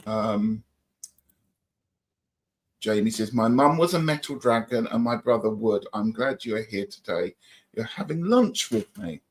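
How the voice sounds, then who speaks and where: A man's voice: on the low side, lively intonation, unhurried, pauses often, a little hiss or hum. A middle-aged man co-hosting a livestream, chatting casually and reading out viewer comments in an upbeat, friendly way. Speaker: livestream co-host.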